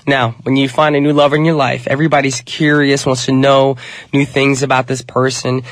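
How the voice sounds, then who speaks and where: A man's voice: medium pitch, little pitch movement, brisk. A man hosting a radio show in a chatty, upbeat style, his voice nasal from a cold. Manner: upbeat, chatty, addresses listeners as you guys. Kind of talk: casual radio DJ patter. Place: radio studio.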